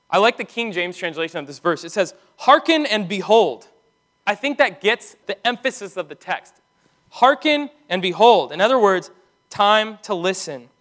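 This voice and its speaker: Man, pastor, high voice, emphatic sermon delivery. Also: pushed and bright. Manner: earnest, emphatic preaching with slowed, stressed commands.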